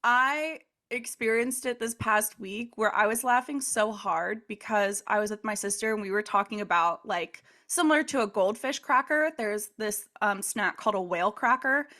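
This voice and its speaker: A young woman co-hosting a podcast, chatting casually and telling animated, profanity-laced stories, breaking into loud laughter. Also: mid-range voice, moderate pace, hardly any pauses. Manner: animated storytelling, swears freely, laughs loudly. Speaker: podcast co-host. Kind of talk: casual chat.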